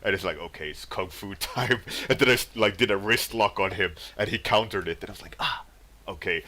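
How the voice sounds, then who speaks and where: A man's voice: lowish voice, brisk, pushed and bright. A man casually chatting on his livestream, rambling about dreams, laughing often and greeting viewers by name. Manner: rambling, laughs often, reads chat names aloud. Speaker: livestreaming artist. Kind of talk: casual stream chat.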